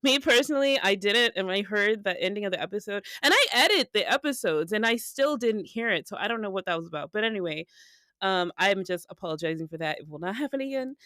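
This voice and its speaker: Giggly animated woman podcast co-host. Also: mid-range voice, quick pace, no room sound. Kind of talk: casual chat.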